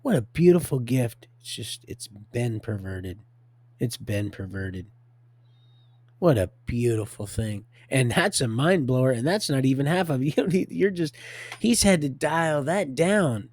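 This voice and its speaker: Man, gravelly voice, livestream preacher, rambling, hushed then loud, laughs a lot. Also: mid-range voice, unhurried. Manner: animated, swings from hushed to loud, laughs often. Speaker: livestream host. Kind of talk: rambling religious monologue.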